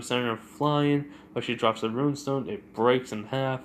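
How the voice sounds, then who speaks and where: A man's voice: medium pitch, fairly even intonation, normal speed, slight background noise. Rambling man retelling a fan story. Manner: rambling, filler-heavy.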